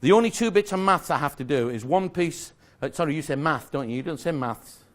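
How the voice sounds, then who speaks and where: A man's voice: a little high, lively intonation, brisk. A man giving a live magic lecture to an audience, explaining step by step in a chatty, self-correcting way with small jokes.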